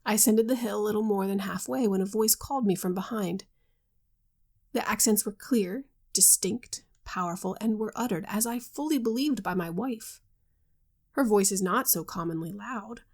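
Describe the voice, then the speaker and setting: A woman reading the part of a grave young husband troubled by a mysterious voice, in a measured, earnest way and in her own voice. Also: mid-range voice, darkish tone, lightly acted.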